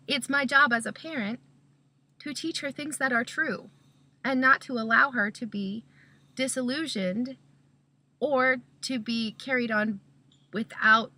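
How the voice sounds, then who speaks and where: A woman's voice: a little high, measured pace, long pauses, bright, forceful tone. A Christian mother giving a casual spoken talk, explaining step by step and often checking in with "okay?".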